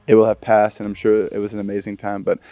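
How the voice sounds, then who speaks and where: A man's voice: lowish voice, completely flat delivery, fast, warm tone, dry recording, faint music behind. A young man hosting a podcast, talking in a chatty, rambling way with frequent restarts. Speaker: podcast host. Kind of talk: casual interview chat.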